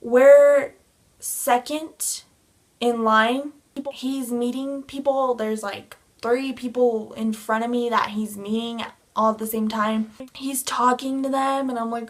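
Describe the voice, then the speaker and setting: A young woman telling a casual storytime vlog, gushing and excitable as she recounts meeting someone. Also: a little high, measured pace. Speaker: vlogger.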